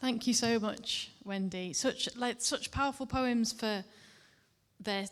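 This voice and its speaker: A woman's voice: fairly high pitch, slow pace. A woman hosting a festival session and responding thoughtfully to a reading, hesitant and full of fillers. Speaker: session host. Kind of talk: thanking and responding to a reader. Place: festival event hall. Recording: long hall reverb.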